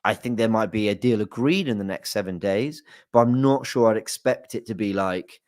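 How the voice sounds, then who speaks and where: A man's voice: fairly low pitch, normal speed, a little mellow, no echo. A young man hosting a football fan channel, talking casually with lots of fillers and hedges. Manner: chatty, hedging, many fillers. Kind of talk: casual chat to camera.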